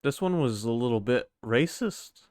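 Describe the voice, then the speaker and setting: A man's voice: medium pitch, lively intonation, moderate pace, noisy background. A man streaming, giving casual wry reaction commentary and swearing freely, on a close mic.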